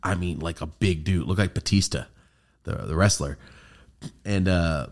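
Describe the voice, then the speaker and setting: A low-voiced man hosting a casual podcast, rambling through a story with plenty of swearing. He gets animated as the tale builds and keeps it loose and conversational. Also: normal speed. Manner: rambling, profane, animated when telling a story. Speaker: podcast host.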